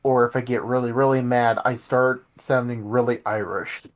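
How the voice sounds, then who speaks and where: A man's voice: mid-range voice, fairly even intonation, normal speed. A young man with a slight Texan accent, co-hosting a casual podcast chat, rambling and cutting himself off mid-sentence. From Texas. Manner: rambling, self-interrupting storyteller. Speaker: podcast co-host.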